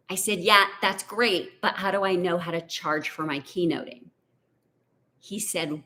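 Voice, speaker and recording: A middle-aged woman, a business coach telling a chatty, animated story to a live online audience. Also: fairly low pitch, a little slow. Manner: chatty, animated, says "y'all" and "like".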